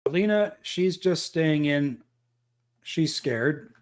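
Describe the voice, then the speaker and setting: A man running a tabletop role-playing game as game master, describing the action with frequent pauses and fillers. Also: fairly high pitch, expressive. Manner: measured, thinking aloud with fillers.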